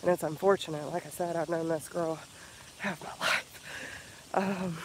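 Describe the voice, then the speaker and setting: Guy preaching self-love on his vlog, kinda high voice, swears a lot, faint hiss behind. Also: steady tone, low-quality recording. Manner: earnest, profane, slow emphatic repetition. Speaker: spiritual healer vlogger. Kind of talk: casual motivational vlog.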